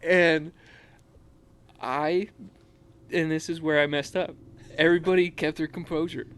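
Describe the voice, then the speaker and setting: A man's voice: on the high side, slow, pauses often. Young man telling army stories, laughing. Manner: animated, often breaking into laughter. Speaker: podcast guest, Army veteran. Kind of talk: casual storytelling.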